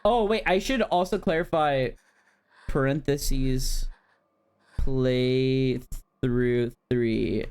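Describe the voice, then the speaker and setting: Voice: medium pitch, very slow, a little mellow, smooth. A streamer chatting casually with viewers while playing a horror game, talking directly to the chat and giggling often.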